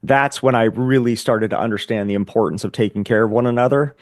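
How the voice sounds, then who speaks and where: A man's voice: fairly low pitch, fast, no echo, studio quality. A man telling his personal story as a podcast guest, earnest and reflective, often repeating words as he gathers his thoughts. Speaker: podcast guest, Air Force veteran.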